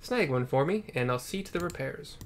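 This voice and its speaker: A man's voice: a little high, animated, a little fast, slight background noise, close to an everyday voice. A man voicing a genial middle-aged male adventurer and tinkerer for a game, with a hearty, folksy lilt. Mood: friendly.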